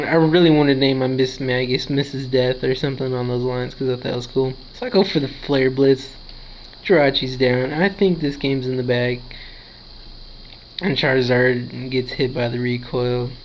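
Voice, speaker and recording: Here a gaming video creator casually walks through a match he played, yawning sleepily and telling how he reacted. He speaks in a steady mid-range voice at a moderate pace. The handheld console audio is low quality, with slight noise in the background.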